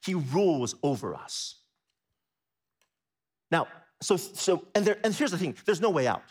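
A man preaches at a measured pace in a slightly rough voice, asking his listeners questions and repeating phrases. He moves from quiet, low stretches to high, excited bursts.

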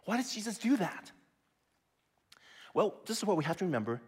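Husky, animated male preacher. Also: fairly high pitch, moderate pace, pauses often. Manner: lively, conversational preaching with frequent "okay?" and "right?". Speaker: pastor. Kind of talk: sermon.

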